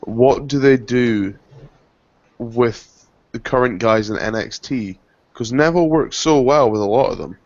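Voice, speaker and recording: A man co-hosting a casual wrestling chat, joking and quick to tease. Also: medium pitch, darkish tone, no room sound. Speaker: podcast co-host. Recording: dry, dull lo-fi audio.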